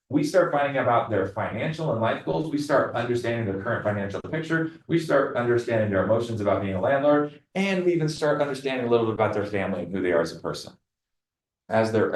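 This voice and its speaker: A man leading his team in a meeting. He coaches them in a lively way and acts out dialogue with clients. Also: mid-range voice, echoey room, poor audio. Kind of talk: meeting talk. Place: meeting room.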